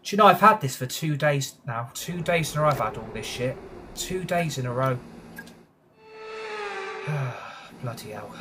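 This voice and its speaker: Grumbling British man with lively pitch. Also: a little fast, noisy background. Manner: chatty, grumbling, swears when frustrated. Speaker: gaming streamer. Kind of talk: live gameplay commentary.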